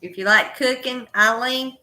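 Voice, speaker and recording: A woman's voice: a little high, sharp tone, poor audio. A woman with a strong Southern accent, casually chatting on a livestream and reading out viewer comments. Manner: slow, drawling, reads out chat names. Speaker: co-host of a livestream.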